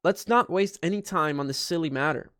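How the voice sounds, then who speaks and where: A man's voice: on the high side, brisk, a bit bright, no echo, studio quality, close to an everyday voice. Give me a man playing a soothing young woman, placating and sweet, read from a story. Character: dramatic young woman soothing her boyfriend.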